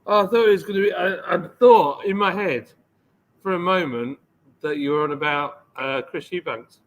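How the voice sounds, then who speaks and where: A man's voice: high voice, moderate pace, vocal fry, low-quality recording. A man chatting with the host as a co-host in the room, dry and teasing.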